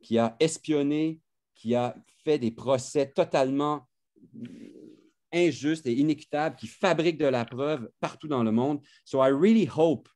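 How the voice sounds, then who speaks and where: A man's voice: fairly high pitch, moderate pace, darkish tone. A man speaking as a lawyer at a press conference, impassioned and openly emotional, switching between two languages.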